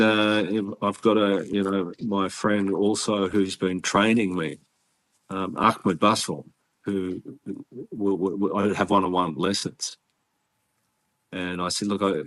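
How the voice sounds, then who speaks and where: A man with an Australian accent, a guest in an interview, telling his story earnestly and haltingly with many restarts. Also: lowish voice. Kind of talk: casual interview conversation.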